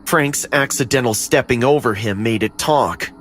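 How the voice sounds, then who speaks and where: A man's voice: medium pitch, normal speed, slight background noise. Male horror story narrator. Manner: steady, dramatic storytelling.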